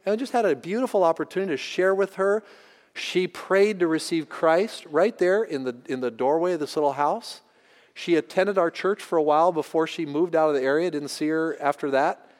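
A man preaching with a high, bright voice, telling a story from the pulpit. He acts out the people in it with animated voices. His words ring out with a long hall reverb. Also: fairly quick. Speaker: pastor. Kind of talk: storytelling sermon.

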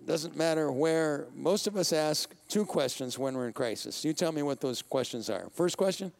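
High-voiced, gravelly pastor preaching. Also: male voice, lively intonation, moderate pace, few pauses. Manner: conversational preaching, asks the congregation questions, laughs often. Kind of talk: sermon.

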